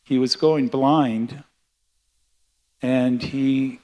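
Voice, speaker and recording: An older man giving a sermon built around a personal memory, speaking in a halting, heartfelt way with frequent restarts. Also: mid-range voice, steady tone, darkish tone. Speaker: guest speaker at a temple class.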